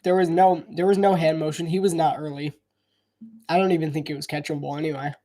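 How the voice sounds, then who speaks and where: Quick-paced and mellow, a man's slightly high voice stays level in tone as he commentates a live football game. The play-by-play is loose and chatty, with him hedging, reasoning aloud, and often restarting.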